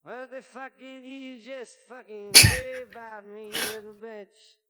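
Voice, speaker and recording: A man doing an impression of a famous politician, ranting a slow and menacing tough-guy threat from a clip played back. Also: extremely high pitch, steady tone, sharp tone, clean tone, exaggerated voice.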